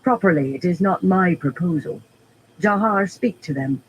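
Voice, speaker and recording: Blunt accented sister with a firm Tarabon lilt, voiced higher by a man reader. Audiobook fantasy role. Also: lively intonation, normal speed, lo-fi sound, a little hiss or hum.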